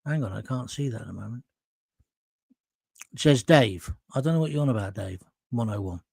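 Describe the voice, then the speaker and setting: A man's voice: medium pitch, animated, brisk, gravelly, a little mellow, slightly rough, no room sound, clean studio sound. A man hosting a live stream. He reads viewers' comments aloud and answers them in a blunt, emphatic, opinionated way, with some mild swearing, and he sounds hot and sweaty. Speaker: host of a live current-affairs stream.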